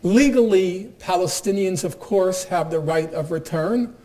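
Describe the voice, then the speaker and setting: A man giving a university lecture in a measured, deliberate way with dry sarcasm. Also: high-pitched, mellow. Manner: measured, deliberate, dryly sardonic. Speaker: guest lecturer.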